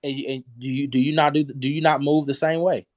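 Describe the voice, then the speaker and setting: A man's voice: fairly high pitch, level tone, fairly quick, a little mellow, no room sound, muffled recording. A man hosting a livestream, arguing bluntly and profanely and cutting in to finish his point. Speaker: livestream host. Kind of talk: heated livestream argument.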